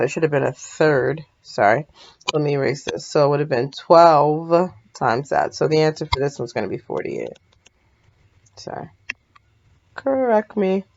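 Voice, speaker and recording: A woman's voice: low voice, dull audio. A woman math teacher talking through a recorded lesson in a sleepy, yawning, casual way, often stopping to apologize and correct herself.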